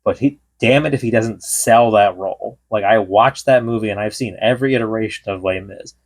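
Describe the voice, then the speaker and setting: A man's voice: lowish voice, brisk. A man co-hosting a podcast, telling stories in casual chat and quoting people as he goes. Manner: rambling storyteller, quotes people in bits. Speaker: podcast co-host.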